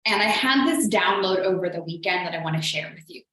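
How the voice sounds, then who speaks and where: This woman business coach runs a live show from a heavily echoing room, her lowish, fairly bright voice animated and brisk. The talk is motivational, chatty and earnest, packed with "like".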